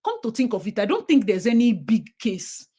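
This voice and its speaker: A woman's voice: fairly high pitch, sing-song, normal speed, warm tone, slightly rough. A young woman with a Nigerian accent, hosting a livestream and giving blunt, outspoken commentary. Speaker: livestream host.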